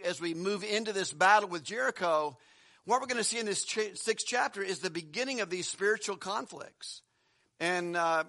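A man's voice: high-pitched, bright, forceful tone. A man preaching a sermon as a pastor, in a conversational way with fillers and restarts.

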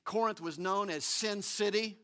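Male pastor, high bright voice, emphatic sermon delivery with frequent restarts. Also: a little slow. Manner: animated, emphatic preaching with repeated restarts.

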